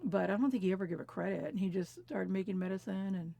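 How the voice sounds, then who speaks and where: A woman in her fifties from California telling family memories in a reflective, unhurried way, laughing softly at times. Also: medium pitch, vocal fry, no echo. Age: 50s. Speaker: interviewee. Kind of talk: personal storytelling conversation. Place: quiet recording booth.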